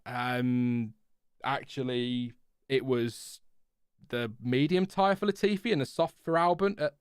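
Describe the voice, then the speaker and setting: Chatty man, smooth close voice. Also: mid-range voice, unhurried, no echo. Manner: chatty, rambling, lots of fillers and restarts, reads chat aloud. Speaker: F1 livestream host. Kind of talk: casual live race reaction chat.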